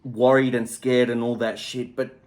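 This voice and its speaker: Swearing, animated man. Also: mid-range voice, moderate pace. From Australia. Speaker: guest. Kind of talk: casual conversation.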